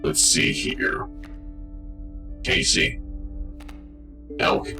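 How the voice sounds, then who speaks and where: A man streaming a card game, chatting casually with his chat in a rambling, jokey way. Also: drawn-out words. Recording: game music behind voice.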